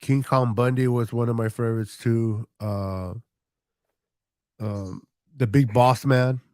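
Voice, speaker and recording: A man's voice: medium pitch, fairly even intonation, slow pace, a little mellow, no echo, clean studio sound. A man calling into a casual livestream chat, laid-back with short replies. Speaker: guest caller.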